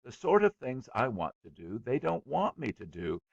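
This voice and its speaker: A man's voice: medium pitch, big pitch swings, normal speed, gravelly, no echo, highs cut off, pitched above the performer's own voice. Man doing a whiny bored schoolboy. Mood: sulky pleading. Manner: whining, emphatic pleading. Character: sulky bored schoolboy, stubborn and indignant.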